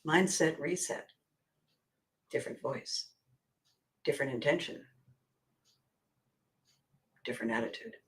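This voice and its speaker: Animated woman hosting a storytelling talk. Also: low voice, unhurried, gravelly, long pauses. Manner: animated, acts out scenes with quoted voices; laughs often, drops to quiet asides. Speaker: podcast host and coach. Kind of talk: storytelling monologue.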